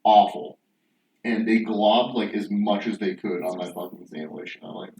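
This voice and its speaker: A man's voice: on the low side, steady tone, normal speed, mellow. A young man co-hosting a podcast, talking crudely and laughing through loose casual chat. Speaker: podcast co-host. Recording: echoey room, distant mic, faint hiss.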